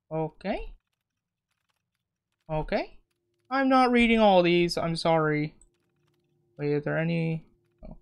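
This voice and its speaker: Playing through a video game, this man delivers casual let's-play commentary to himself, swearing and joking along the way. He's a gamer with a smooth voice pitched somewhat high.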